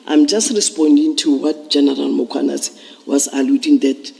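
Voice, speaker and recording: A man testifying as a police officer at a commission hearing, explaining procedure in a measured way with some restarts. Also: a little high, flat delivery, gravelly, warm tone, breathy edge. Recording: long reverb of a large hearing room.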